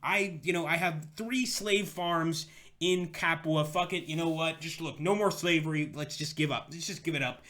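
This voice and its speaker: A man's voice: fairly high pitch, moderate pace, sharp tone. A man voicing an exasperated Roman senator who swears bluntly and gives up. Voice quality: brash, swearing. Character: exasperated Roman senator, male, middle-aged.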